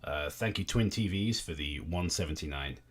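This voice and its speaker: A man's voice: rumbling low, animated, normal speed. A young man hosting a livestream, reading aloud and thanking donors in a wry, sweary way. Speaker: livestream host. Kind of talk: casual livestream commentary.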